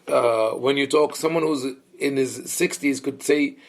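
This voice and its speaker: Guy teaching scripture class, thinking out loud, lots of uh's, keeps asking the room "right?". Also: mid-range voice, unhurried. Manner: thoughtful, explanatory, many fillers and restarts; engages listeners with questions. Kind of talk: Bible study lecture.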